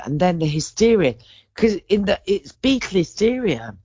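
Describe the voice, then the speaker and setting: A woman's voice: sits low, expressive, moderate pace, dark tone, no room sound. A woman in her forties, a podcast guest in casual chat, telling stories in a rambling way, breaking off and restarting her sentences. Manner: rambling, self-interrupting storyteller.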